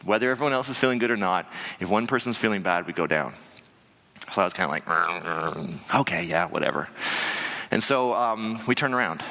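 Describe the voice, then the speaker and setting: A man's voice: lowish voice, quick pace. Man telling a story in a hall. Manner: animated, conversational, many fillers and restarts. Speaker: speaker telling a climbing story to an audience. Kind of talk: live storytelling talk.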